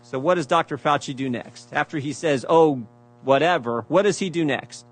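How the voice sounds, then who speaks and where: A man's voice: on the high side, fairly quick, fairly bright tone, breathy edge. A man giving a prepared speech at a hearing, reading out emails, repeating phrases for emphasis and asking pointed rhetorical questions. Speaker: speaker presenting evidence at a hearing.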